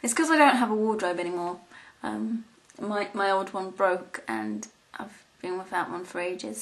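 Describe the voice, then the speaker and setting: A woman's voice: mid-range voice, moderate pace, few pauses. A young woman vlogging, chatting casually in a rambling, giggly way with many ums and restarts. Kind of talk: casual chat to camera.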